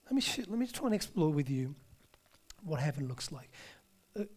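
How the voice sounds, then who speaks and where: Preacher who drops to near-whispers. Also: male voice, a little high, very animated, moderate pace, darkish tone. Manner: emphatic, dropping to a near-whisper on key words; conversational asides to the congregation. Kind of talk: sermon.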